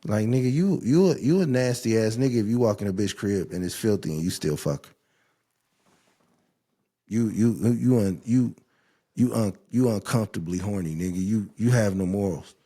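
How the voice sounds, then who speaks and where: Young male podcast host, dark low voice, loose profane storytelling that swings into mocking rants. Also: normal speed, slightly rough. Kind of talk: casual chat.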